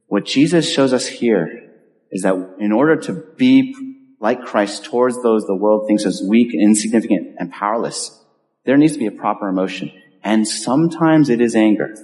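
A man preaches in a church sanctuary, his voice sitting at an ordinary middle pitch. He talks earnestly and conversationally, with pauses and restarts. Long hall reverb trails each phrase. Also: a little mellow. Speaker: pastor. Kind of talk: sermon.

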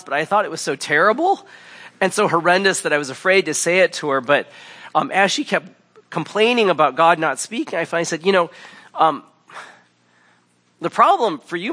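A man's voice: a little high, very animated, a little fast, sharp tone. A pastor in his thirties giving a sermon in a conversational, wry storytelling way.

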